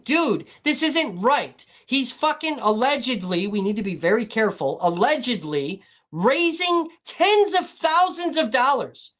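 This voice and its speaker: A woman's voice: on the high side, a bit bright. A woman live streaming, swearing constantly in an irritated, combative rant. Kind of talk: livestream rant.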